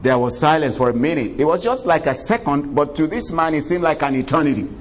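A male preacher telling a story in a sermon, animated and conversational, laughing often and breaking into exclamations of praise. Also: on the high side, fairly quick. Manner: conversational, many fillers.

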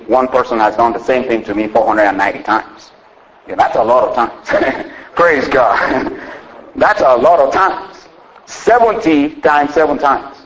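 A man preaching a sermon in a folksy way, often saying "you know" and laughing as he explains, acting out the scripture's dialogue. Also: rough recording. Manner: acts out the scripture's dialogue with jumps in pitch.

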